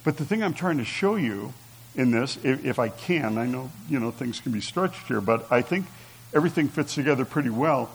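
A man's voice: mid-range voice, expressive, moderate pace, creaky, slightly rough, rough recording. A man preaching a conversational sermon, reading scripture aloud and asking his listeners rhetorical questions. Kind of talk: sermon teaching.

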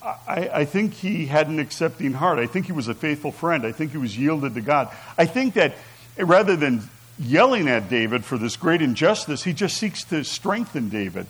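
A man's voice: on the high side, very animated, moderate pace, fairly bright tone, breathy edge, poor audio. A man preaching a conversational sermon, reading scripture aloud and asking his listeners rhetorical questions. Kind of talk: sermon teaching.

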